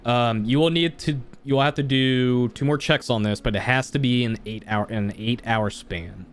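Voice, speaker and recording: A man's voice: mid-range voice, moderate pace, soft background music. A young man running a tabletop game as game master, talking casually with many fillers and restarts.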